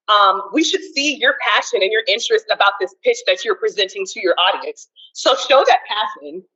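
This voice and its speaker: A woman giving a college seminar talk on communication, loud and energetic. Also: a little high, husky, dull audio. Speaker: seminar presenter.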